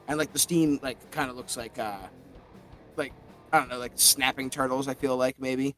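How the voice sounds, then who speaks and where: Rambling bright-voiced male player. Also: medium pitch, flat delivery, moderate pace, soft background music. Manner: rambling, full of "like" and restarts, swears freely. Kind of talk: tabletop game banter and in-character narration.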